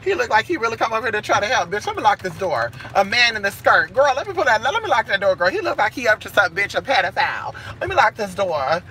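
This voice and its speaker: Sassy, profane woman with a very bright voice. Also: mid-range voice, sing-song, fast, few pauses, slight background noise. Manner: sassy, profane, calls listeners honey and girl. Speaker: spiritual reader. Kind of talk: casual live-stream chat with viewers.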